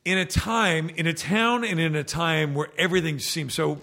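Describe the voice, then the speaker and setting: A man with a gravelly, fry-laden voice talks loosely as a podcast guest. He stops and restarts often, filling the gaps with fillers. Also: a little high, bright, forceful tone. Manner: halting, many restarts and fillers. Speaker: actor guest. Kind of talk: casual podcast chat.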